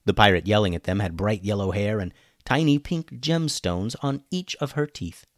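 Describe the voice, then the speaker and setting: A man narrating a children's adventure story with an expressive, animated delivery. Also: lowish voice, moderate pace, no room sound, studio quality.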